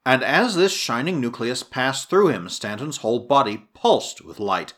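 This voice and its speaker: A man narrating an adventure story in a dramatic, expressive reading style. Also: medium pitch, a little slow. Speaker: audiobook narrator. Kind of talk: scripted narration.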